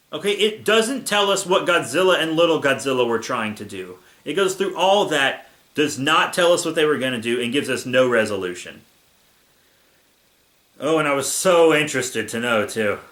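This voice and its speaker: A man's voice: medium pitch, expressive, normal speed, a bit bright, roomy sound. A young man hosting a comedic fan fiction reading, sarcastic and exasperated.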